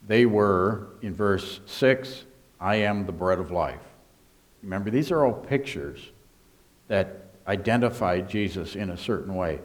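A man preaching a sermon as pastor, emphatic, swinging between hushed and raised delivery. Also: low voice, lively intonation, unhurried.

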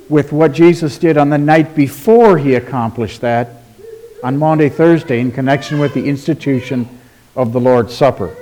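A man preaching a sermon in a deliberate, emphatic way, asking rhetorical questions and dropping to a quiet voice for stress. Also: mid-range voice. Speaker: pastor.

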